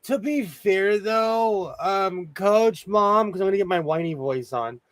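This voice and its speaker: A man's voice: sits high, a little slow, no echo. A man hosting a casual sewing chat, telling stories and laughing often. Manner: animated storyteller who laughs often. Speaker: host.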